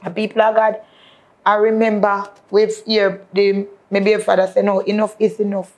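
A woman's voice: mid-range voice, monotone, normal speed. A woman with a Jamaican accent sharing an emotional personal testimony in patois and often calling out to the faithful. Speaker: guest.

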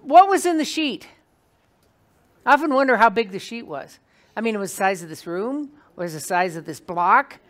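A woman teaching an evening Bible class to a small group in a meeting room, talking in a lively, conversational way and putting questions to the class. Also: mid-range voice, moderate pace.

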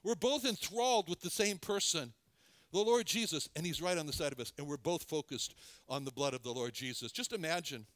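A man delivers a sermon in a somewhat higher voice. He speaks earnestly but haltingly, restarting phrases and repeating words as he lingers on them. The sound is dry and close, with no room echo. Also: fairly bright tone. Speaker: preacher.

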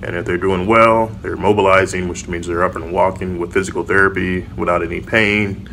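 A low-pitched man in his thirties talks through his working day in a vlog. His voice is bright and forceful, and he stops to explain each term in simple words. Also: steady tone, a little fast, creaky, a little hiss or hum. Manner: plain explanatory, defines terms as he goes. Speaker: resident surgeon. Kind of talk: casual vlog narration.

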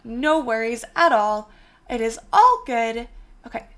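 A young woman streaming from a small bedroom alcove, chatting casually and thanking viewers effusively, her voice slightly hoarse. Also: fairly high pitch, expressive, unhurried, fairly bright tone. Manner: bubbly, effusive thanks to chat. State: slightly hoarse, voice partly gone. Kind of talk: casual live-stream chat.

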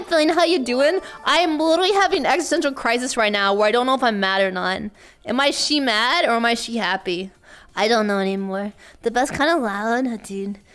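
A female streamer with a high, squeaky voice chats casually and excitably with her chat, frequently shrieking and laughing.

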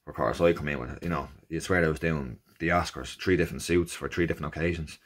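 A man with an Irish accent casually recounting his first endurance race, animated and jokey, acting out the people he met. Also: a bass voice, fast talker. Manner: animated, jokey, acts out quoted exchanges in raised voices. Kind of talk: casual storytelling.

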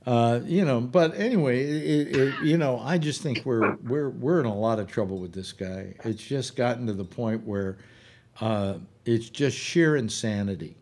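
A man's voice: mid-range voice, normal speed, darkish tone, slight background noise. Male talk host, rambling, restarts words, blunt, casual chat.

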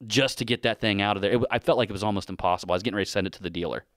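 A man's voice: on the low side, very fast, a bit bright, no echo, studio quality. A middle-aged man hosting a casual podcast, telling a rambling, profane shop story with frequent laughter. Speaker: podcast host, dent repair shop owner.

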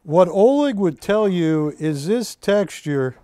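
Unhurried, chatty man hosting a shopping show. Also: high voice, animated, warm tone, no echo. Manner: chatty, anecdotal, enthusiastic. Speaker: shopping channel host. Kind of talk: live sales presentation.

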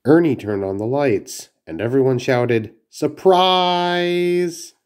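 A man's voice: mid-range voice, moderate pace, dark tone. A man reading a children's storybook aloud, carefully, with small slips and restarts. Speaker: narrator.

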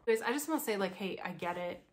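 A woman's voice: mid-range voice, lively intonation, quick pace, a little hiss or hum. Blunt woman vlogger, frank chat. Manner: blunt, frank and laughs often. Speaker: commentary vlogger. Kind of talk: casual commentary vlog.

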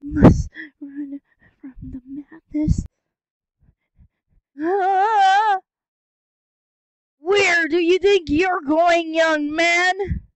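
A woman's voice: extremely slow, no room sound, full character voice. Chester, a woman doing a stammering frightened colt. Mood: panicked. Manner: stammering, high and pleading. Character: scared young colt, jittery and tearful. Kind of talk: amateur fan audio drama.

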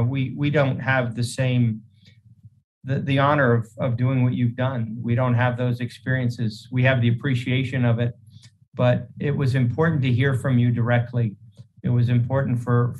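A man's voice: mid-range voice, darkish tone, rough recording. A man hosting a meeting and giving earnest public remarks, often restarting his words. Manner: earnest, halting with repeated restarts. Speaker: state senator hosting a meeting.

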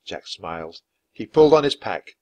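A man reading a children's chapter book aloud, narrating clearly and expressively. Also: on the low side, very animated, moderate pace, a little mellow. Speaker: storybook reader.

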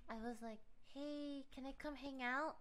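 A woman's voice: sits high, steady tone, unhurried. A woman telling a story in casual chat, giggly and full of "like" fillers.

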